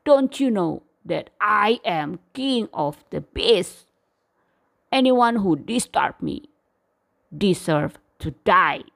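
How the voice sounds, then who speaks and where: A woman voicing a proud male lion, king of the beasts, speaking loudly and lower than her own voice. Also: very animated, takes it slowly. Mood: angry. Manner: loud and scornful.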